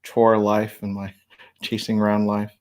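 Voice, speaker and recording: A man in his forties, a teacher, chatting as a guest on a video call, relaxed and joking with some hesitations. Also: fairly low pitch, measured pace. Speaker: guest, high school teacher. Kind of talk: casual interview chat.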